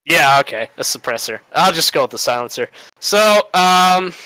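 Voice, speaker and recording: A man's voice: a little high, animated, normal speed, bright, forceful tone, no echo, poor audio. A man giving a rambling, casual debate argument, full of fillers and little laughs.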